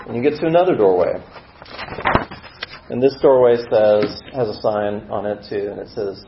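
A man's voice: on the low side, normal speed, a little hiss or hum. A man preaching a sermon as a vivid story and acting out the scenes, in a roomy and slightly dull recording. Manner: vivid, acts out scenes with dramatic swings in volume.

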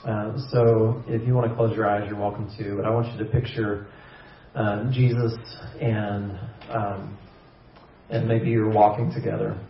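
A man leading a church small group discussion, speaking thoughtfully with halting restarts before closing in prayer. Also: lowish voice, flat delivery. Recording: echoey room, distant dull mic, faint noise.

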